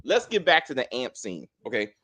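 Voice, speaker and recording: A man co-hosting a casual TV review, animated and profane, acting out scenes in put-on voices. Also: mid-range voice, moderate pace. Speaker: show co-host.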